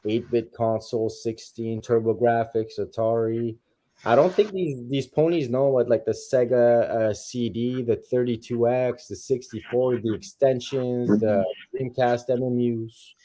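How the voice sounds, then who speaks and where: A man's voice: medium pitch, steady tone, a little slow, warm tone. A man co-hosting a casual gaming podcast, laid-back and nostalgic. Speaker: podcast co-host.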